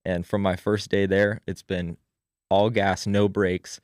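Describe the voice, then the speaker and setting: A man's voice: low voice, flat delivery, slow, a little mellow, dry recording, clean studio sound. A man talking casually as a podcast guest, rambling with many "you know" fillers.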